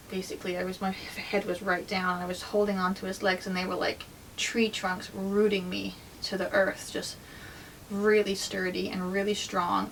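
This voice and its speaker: A woman shares a deeply personal story in a candid, emotional, chatty way, her middle-pitched voice a little off-mic. A faint low rumble sits under the recording. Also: a bit bright, recorded from a distance, low-quality recording. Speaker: vlogger.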